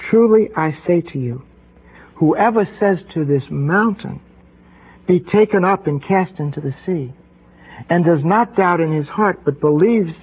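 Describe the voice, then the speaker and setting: Husky man preaching over lo-fi radio. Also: high voice. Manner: measured preaching with slow emphatic pauses. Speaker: priest. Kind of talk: sermon. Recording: lo-fi radio broadcast.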